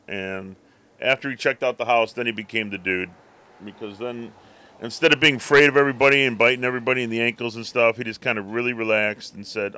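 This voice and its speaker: A man's voice: on the low side, brisk, sharp tone, clear, resonant tone. A man co-hosting a podcast, telling a rambling story in casual chat and acting out his cat's thoughts. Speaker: podcast co-host.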